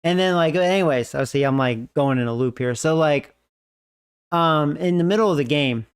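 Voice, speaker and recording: A man's voice: a little high, normal speed, clear, resonant tone. A man hosting a gaming video, telling a long story in a rambling, casual way with lots of fillers. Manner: rambling, many fillers, laughs often. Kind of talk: casual storytelling while playing.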